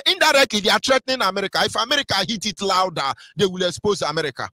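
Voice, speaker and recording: Man, Nigerian accent, high-pitched, sharp bright tone, scornful fiery radio rant. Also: very fast, hardly any pauses, no room sound, studio quality. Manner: fiery, scornful, mocking, switches into Igbo phrases. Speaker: radio broadcaster. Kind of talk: impassioned live radio monologue.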